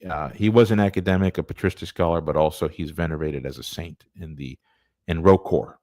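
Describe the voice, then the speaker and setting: A man's voice: very deep voice, fairly quick, darkish tone, no room sound. A man presenting church history in an earnest, digressive, conversational lecture. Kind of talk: casual lecture.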